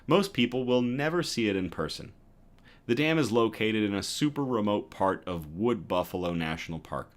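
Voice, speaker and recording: A man hosting a news livestream, reading stories aloud and chatting with viewers between them in a lively, self-correcting way. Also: lowish voice. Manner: lively, reads chat comments aloud and self-corrects with a laugh. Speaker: news show host.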